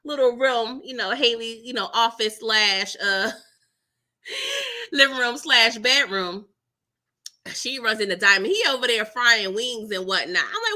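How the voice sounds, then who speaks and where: Woman host, animated live-stream recap chat; very bright, raised voice, chatty with frequent laughs. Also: a little high, moderate pace. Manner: animated, chatty, laughs often, tags lines with "okay?" and "girl".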